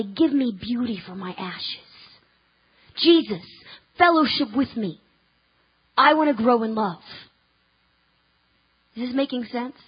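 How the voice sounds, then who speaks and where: High-voiced woman telling a story in a sermon. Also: husky, highs cut off. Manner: chatty, lots of ums and restarts, laughing asides. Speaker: speaker at a church conference.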